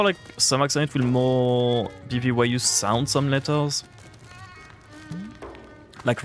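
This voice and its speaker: A man streaming a game live, chatting casually and answering his viewers' chat, rambling with lots of filler words. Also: mid-range voice. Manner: rambling, heavy use of "like" fillers; reacts to and answers chat aloud.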